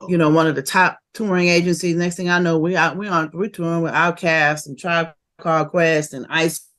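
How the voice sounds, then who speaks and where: A woman, a rapper telling stories of her early career in a casual interview, animated and quick to laugh. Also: low voice. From Oakland, California. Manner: animated and laughing, fast bursts of memories.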